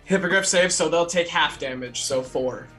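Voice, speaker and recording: A man's voice: fairly high pitch, moderate pace, over music. A man playing a tabletop game who speaks eagerly and checks the rules aloud. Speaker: player.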